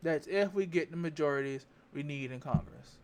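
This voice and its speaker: A man's voice: on the high side, moderate pace, darkish tone. A man giving candid political commentary to camera, rambling, repeating phrases and stopping to check his facts. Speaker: vlogger.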